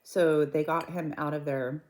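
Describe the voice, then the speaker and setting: A woman vlogger chatting casually, retelling a story with a gossipy, animated manner. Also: low-pitched, measured pace, noisy background. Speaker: mukbang vlogger.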